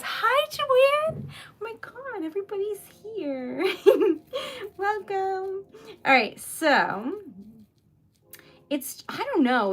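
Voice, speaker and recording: A woman's voice: mid-range voice, fairly bright tone. A young adult woman chatting casually on a craft livestream, giggly and talkative, often saying "y'all".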